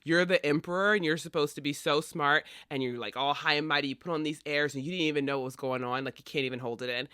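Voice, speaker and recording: A man's voice: on the high side, steady tone, fast talker, hardly any pauses, sharp tone, clear, resonant tone, no room sound, studio quality. A man doing a sneering cowardly Englishman. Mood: mocking. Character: sneering cowardly middle-aged British man.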